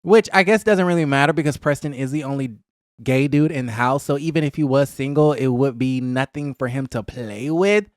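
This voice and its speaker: A man chatting casually about a reality show, gossipy and animated, with a close mic. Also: a little fast, no echo. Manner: gossipy and animated, acting out cast members in a higher voice. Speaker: reality TV recap vlogger. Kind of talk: casual chat.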